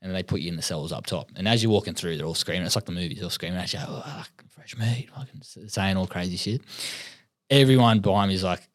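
A man's voice: low-pitched, fast, dry recording, clean studio sound. A young adult Australian man with an Australian accent, a podcast guest telling his story in a laid-back way, swearing freely and laughing often. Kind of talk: casual storytelling interview.

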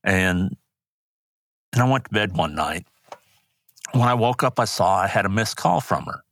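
An older man, a grandfather, speaking as an interview guest in a halting, grief-stricken way. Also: low voice, lively intonation, a bit bright, no room sound. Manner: halting, grief-stricken, voice rising when angry. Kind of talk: emotional interview talk.

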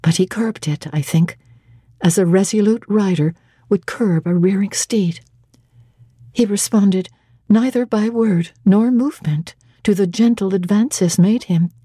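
A woman giving a measured, expressive dramatic reading of a classic novel on a close microphone. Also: mid-range voice, breathy edge, no echo.

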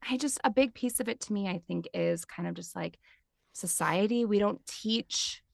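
A woman's voice: mid-range voice, moderate pace, vocal fry, no echo, studio quality. A woman in her thirties, a podcast guest and mindfulness teacher, talking in a chatty way with lots of filler words. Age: 30s. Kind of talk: casual interview chat.

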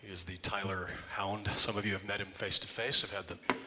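Bright-voiced joking pastor. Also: male voice, lowish voice, fairly quick, a little hiss or hum. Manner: conversational, jokey, animated. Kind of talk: humorous sermon storytelling. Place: church sanctuary.

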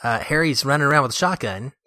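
Bright-voiced man chatting about films. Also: medium pitch, fast, no room sound, studio quality. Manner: animated, laughs often, acts out quotes. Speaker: podcast co-host. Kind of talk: casual movie discussion.

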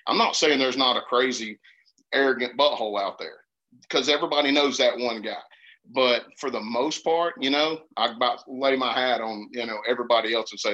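A man from Georgia with a Southern accent, telling hunting stories in an earnest, animated way in casual conversation. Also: mid-range voice, brisk. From Georgia, USA. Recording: dull lo-fi sound.

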